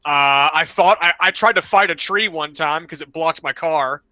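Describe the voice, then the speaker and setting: A young man on a podcast telling rambling, animated stories, now and then slipping into loud voices for his friends. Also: fairly high pitch, normal speed, dry recording, dull audio. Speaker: podcast co-host. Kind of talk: casual storytelling chat.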